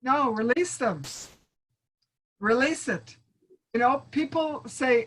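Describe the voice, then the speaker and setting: A woman's voice: high-pitched, slow pace, breathy edge, poor audio. A woman giving an online training talk as a speaking coach, encouraging and calling her listeners friends, acting out sample phrases. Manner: acts out sample phrases in asides. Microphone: video call.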